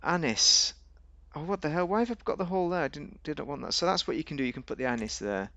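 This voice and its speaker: Animated and quick, a man with vocal fry and a sharp tone hosts a gaming video, and there's no room sound. His commentary is chatty and full of jokes and rambling, much of it addressed to himself, and his pitch springs up suddenly.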